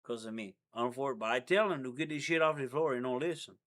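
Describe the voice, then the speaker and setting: A man voicing a boastful Mexican ex-con from Tijuana with a put-on Mexican accent and rough street slang. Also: medium pitch, fast, a bit bright, lightly acted. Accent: put-on Mexican Spanish.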